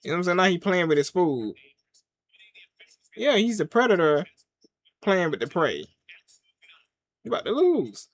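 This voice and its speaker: A man reacts live to a wrestling broadcast, his fairly high voice bouncing all over the place. He yelps at big moves, then drops to a low mutter, talking in loose slang to himself and his viewers. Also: normal speed, long pauses, no room sound. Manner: animated, swings from loud excited yelps to low mutters; casual slang, talks to himself and the chat. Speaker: wrestling watch-along reviewer. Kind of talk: casual live reaction commentary.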